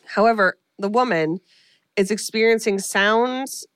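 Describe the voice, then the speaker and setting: A woman's voice: medium pitch, measured pace, smooth, no echo, clean studio sound. A woman co-hosting a podcast, recapping a film in a rambling, casual way with lots of fillers. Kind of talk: casual chat.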